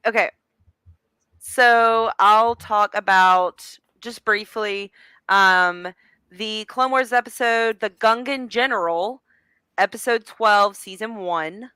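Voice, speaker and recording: A woman's voice: medium pitch, pushed and bright, clear, resonant tone, no room sound. A woman co-hosting a fan podcast, chatting casually and taking her time to find her words. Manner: unhurried, searching for words. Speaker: podcast co-host.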